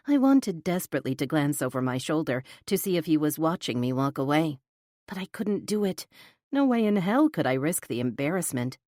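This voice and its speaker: A woman narrating a first-person romance audiobook with an expressive, flustered inner voice, close to the mic. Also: low voice, dry recording.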